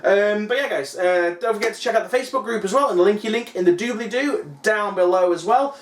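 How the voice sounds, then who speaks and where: A man's voice: high voice, brisk, a little hiss or hum. A young man, a hobby YouTuber, chatting casually in a rambling way and swearing now and then. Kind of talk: casual vlog chat. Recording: roomy echo.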